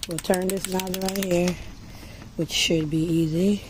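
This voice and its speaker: A woman casually reviewing a dog-washing gadget, chatty and coaxing her dogs in a high sing-song, recorded outdoors in a yard. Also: flat delivery, measured pace, background noise. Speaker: product reviewer.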